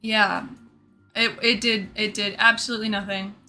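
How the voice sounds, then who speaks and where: A woman streamer casually telling her chat a story, animated and laughing often, acting out what others said and swearing freely. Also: mid-range voice, moderate pace. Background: faint background music.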